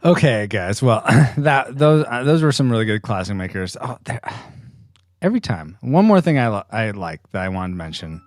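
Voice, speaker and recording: Lively podcast host, dry close sound. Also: male voice, fairly low pitch, moderate pace, no room sound. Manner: animated, laughing, quizzes his co-hosts. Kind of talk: casual podcast chat.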